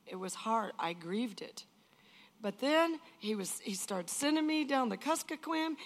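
Older lady telling her testimony, high voice, earnest and emphatic, repeats herself a lot. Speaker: speaker giving a testimony. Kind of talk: emotional personal testimony.

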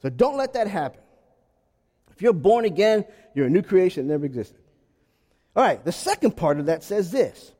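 A man preaching a sermon to his congregation in a lively, animated way, asking rhetorical questions and acting out short exchanges. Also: high voice, normal speed, pauses often, long reverb tail.

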